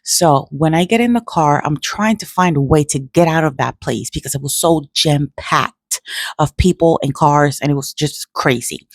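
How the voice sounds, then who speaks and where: A middle-aged woman vlogger telling a personal story in a casual, emotional, animated way. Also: deep voice, normal speed, dry recording, studio quality. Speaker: nail artist vlogger.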